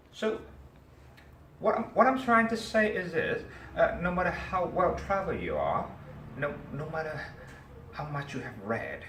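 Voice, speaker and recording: With a slightly high voice, this male teacher tells his class a story and keeps quizzing them in a lively way. Recorded from afar in a reverberant room, the clip carries faint ambience and a little background noise.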